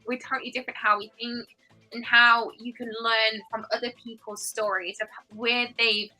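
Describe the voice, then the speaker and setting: Female guest, gushing and sincere, high and very bright voice, faint background music. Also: flat delivery, moderate pace, poor audio. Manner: effusive and heartfelt. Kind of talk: casual chat.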